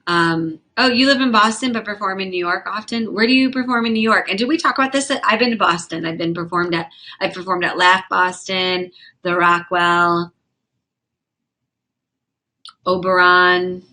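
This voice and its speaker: A young woman with a lowish, sharp-toned voice hosts a livestream as a host and comedian. She chats quickly, casually, and frankly with viewers, swearing freely and reacting to their comments.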